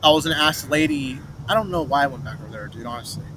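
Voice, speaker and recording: Brief: young man, slightly high voice, rambling swearing storyteller, outdoor traffic noise. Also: lively intonation, rapid-fire. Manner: rambling, restarts, swears, mimics others' voices in quotes. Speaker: vlogger telling a personal story. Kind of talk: rambling first-person storytelling. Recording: noisy street, traffic behind.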